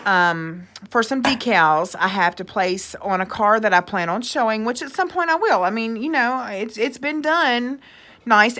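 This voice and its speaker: A furious woman vents to her vlog audience, reading out her own texts in a heated, sarcastic tone. She swears freely, and her voice sits at an ordinary mid pitch. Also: fairly bright tone. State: angry. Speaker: vlogger. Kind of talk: angry rant reading out texts.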